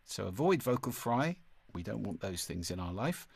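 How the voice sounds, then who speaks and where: A man teaching a masterclass on speaking, with a clear, deliberate delivery and occasional vocal demonstrations. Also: on the low side, very animated, dry recording. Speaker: speaking coach. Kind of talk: online masterclass lesson.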